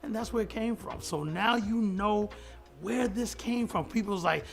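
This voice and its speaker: A middle-aged man with a slightly raised pitch and a gravelly, fry-laced tone tells an old studio story. He slips into a higher voice for quoted lines and laughs between them. Faint music runs underneath. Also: a little slow. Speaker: hip-hop producer telling a studio story. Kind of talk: animated storytelling in an interview clip.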